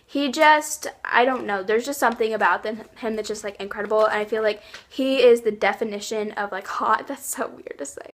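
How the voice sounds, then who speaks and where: A woman's voice: fairly high pitch, a little fast, few pauses. A young woman chatting casually in a vlog, gushing about her favorites with lots of likes and ums. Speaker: YouTube vlogger.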